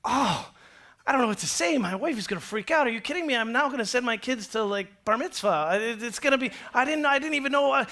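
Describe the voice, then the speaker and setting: A man's voice: extremely high pitch, fast, pitched above the performer's own voice, full character voice. A man voicing an overjoyed male tenant farmer who gushes and stammers. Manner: gushing, stammering excitement.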